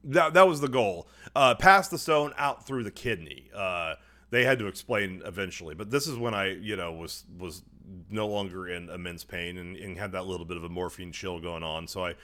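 A young man on a podcast, telling a long story casually, swearing often and putting on quick voices for the people in it. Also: sits low, fairly bright tone. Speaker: podcast co-host. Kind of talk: casual chat.

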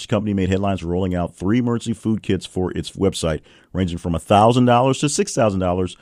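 A man's voice: no room sound, clean studio sound. A man hosting a weekly news roundup, reading headlines and quotes with wry asides in a casual way. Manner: reads headlines with wry asides and lively swings in pitch. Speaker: news show host.

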